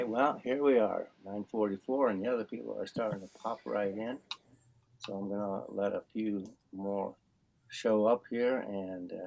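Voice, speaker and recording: A dulcimer teacher with a low, gravelly, slightly mellow voice gives a casual class introduction over a video call, rambling through homely analogies. The recording quality is low.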